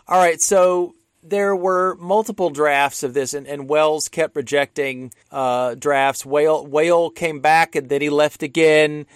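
A man's voice: a little high, steady tone, unhurried, hardly any pauses, clean tone, no room sound, studio quality. Chatty man discussing old films. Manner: rambling with frequent restarts. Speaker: podcast co-host. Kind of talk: casual film discussion.

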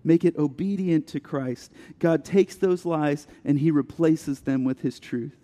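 A man's voice: fairly high pitch, measured pace, hardly any pauses. Man preaching a sermon in a hall. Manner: earnest, drops to a hush on soft passages, builds with rising questions. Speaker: pastor. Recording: long hall reverb.

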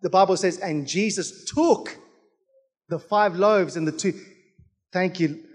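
A man's voice: sits high, a little slow. A man preaching a fervent sermon as pastor, with rhythmic repetition and calls out to the congregation.

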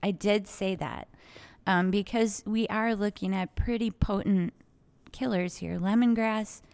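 A woman's voice: mid-range voice, a little slow, gravelly, clean tone. Chatty woman telling a shop story. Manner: chatty, animated, acts out quoted customers. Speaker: podcast co-host, aromatherapy shop owner. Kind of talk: casual chat, storytelling.

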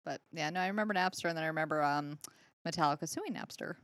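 A woman's voice: deep voice, quick pace, fairly bright tone, dry recording. A woman in her thirties, co-hosting a casual podcast, chatty and giggly, full of "like". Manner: giggly, chatty, uses "like" a lot. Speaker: podcast co-host. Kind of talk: casual chat.

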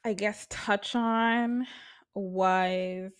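A woman's voice: mid-range voice, steady tone, extremely slow, smooth. A young woman giving casual gossip commentary from her apartment, talking bluntly with lots of swearing and filler words.

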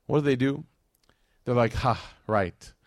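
A man tells a religious story in a relaxed, conversational lecture, breaking off for slangy, animated asides. His voice sits at an ordinary middle pitch. It is recorded dry and close, with no room echo. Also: unhurried. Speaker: Islamic lecturer.

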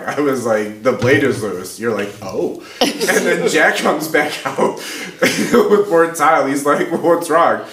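A man's voice: a little high, slow pace, a crowd in the background. A man, a podcast guest, telling a story in casual chat, laughing as he goes and acting out the people in it. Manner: animated, laughs through his stories. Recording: roomy with faint background noise.

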